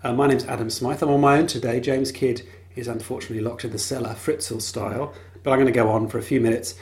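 A man hosts a podcast on his own in a casual monologue. His humour is wry and dry, and his pitch sits in the middle range. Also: flat delivery, rapid-fire. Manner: wry, dryly humorous. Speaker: podcast host.

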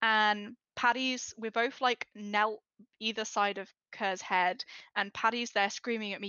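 Woman, podcast guest, animated storyteller, dull dry sound. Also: mid-range voice, measured pace, smooth, no room sound. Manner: lively storyteller who acts out the voices she quotes. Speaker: podcast guest, larp player. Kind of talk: casual storytelling chat.

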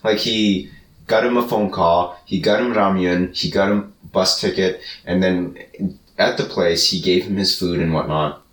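A man co-hosting a podcast, talking in a measured, deliberate way and laughing often. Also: low voice, steady tone, fairly bright tone. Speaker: podcast co-host. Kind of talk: casual chat. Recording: roomy sound, mic at a distance.

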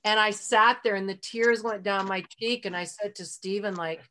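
Woman, middle-aged, podcast guest, casual storytelling, heartfelt, chatty fillers, medium pitch. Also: fairly even intonation, moderate pace, pushed and bright. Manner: chatty, frequent fillers like "like" and "you know"; heartfelt, openly emotional. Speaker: interview guest.

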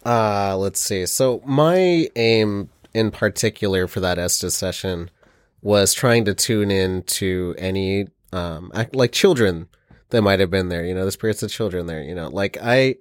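A man's voice: low voice, unhurried, dry recording, clean studio sound. A man in casual chat, telling an earnest, rambling account.

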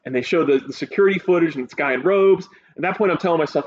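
A man's voice: a little high, rapid-fire, slightly rough. Casual male co-host, eager storyteller, slightly muffled audio. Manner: excited, animated recounting of a show. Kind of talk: casual chat. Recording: dull audio with faint hiss.

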